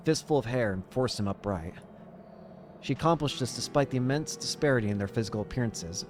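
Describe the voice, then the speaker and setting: A young man playing a visual novel, reading its narration aloud and reacting casually. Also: fairly low pitch. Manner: casual, reacting with quick exclamations. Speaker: game streamer.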